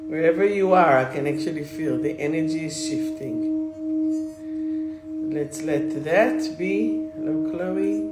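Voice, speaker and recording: A woman's voice: lowish voice, animated, unhurried, over loud music. A woman hosting a live stream as a spiritual coach, talking casually and rambling, greeting viewers by name as she goes. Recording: roomy echo.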